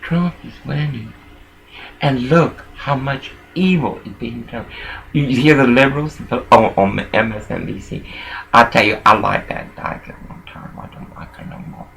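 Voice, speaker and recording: An older man in a rambling personal monologue, jumping between thoughts and swinging from muttering to loud outbursts. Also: medium pitch, measured pace, vocal fry, slight background noise, low-quality recording.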